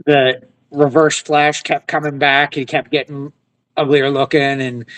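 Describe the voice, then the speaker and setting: Dude co-hosting, kinda high voice, dry close sound, hesitant. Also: male voice, flat delivery, unhurried, fairly bright tone, dry recording, rough recording. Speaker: podcast co-host. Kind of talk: casual chat.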